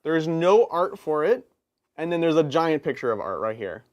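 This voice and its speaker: Chatty man with a lively voice. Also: a little high. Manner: lively, chatty, quick asides and laughs. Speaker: co-host of a tabletop gaming stream. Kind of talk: casual live-stream chat.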